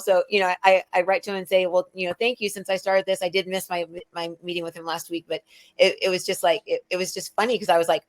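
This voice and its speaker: A woman's voice: on the low side, flat delivery, fast talker. A middle-aged woman rambling through casual spiritual chat, acting out quoted people with sudden jumps in her voice. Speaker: spiritual medium and co-host.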